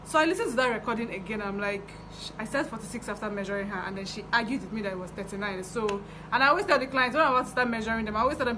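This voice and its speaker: A young Nigerian woman telling a story from her fashion business in a chatty, animated way. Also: fairly high pitch, racing, hardly any pauses, noisy background. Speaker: fashion designer vlogger. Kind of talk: casual storytelling.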